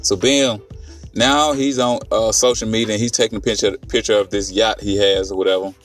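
A man's voice: fairly low pitch, fairly quick, far from the mic, faint music behind. A man casually recapping a film on a podcast, rambling and profane, with lots of fillers and restarts. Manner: rambling, profane, animated retelling with many fillers. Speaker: podcast host reviewing a film.

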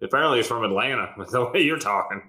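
A man's voice: medium pitch, animated, rapid-fire, sharp tone. A man co-hosting a podcast in casual chat, joking bluntly and telling stories in a rush. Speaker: podcast co-host. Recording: echoey room sound.

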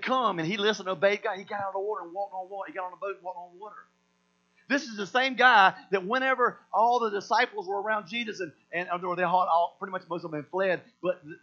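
A high-pitched man with a bright, forceful voice preaches with energy, slipping into slang and acting out scripture scenes. The sound is dull and lo-fi, with a steady mains hum underneath. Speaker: pastor. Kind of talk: sermon.

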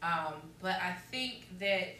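A woman in her thirties with a bright, forceful voice, speaking reflectively with frequent ums and blunt cursing. She is recorded from a distance in an echoey room, with a faint hiss underneath. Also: lowish voice, animated, takes it slowly. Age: 30s. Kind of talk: casual chat.

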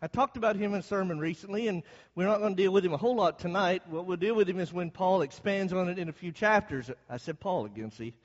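Man, Bible class preacher, high voice, asks the audience questions, long echo in the hall. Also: fast, muffled recording.

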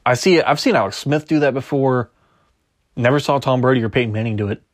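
Guy ranting on his sports podcast, regular pitch, argues with himself a lot. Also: fast. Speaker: podcast host. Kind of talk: casual sports podcast talk.

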